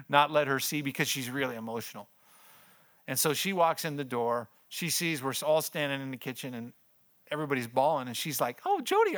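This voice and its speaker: Brief: older male pastor with a bright voice, telling his story in a chatty, laughing way. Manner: conversational storytelling, laughs often, voice drops low in heavy moments. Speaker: pastor and missions speaker. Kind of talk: personal testimony talk.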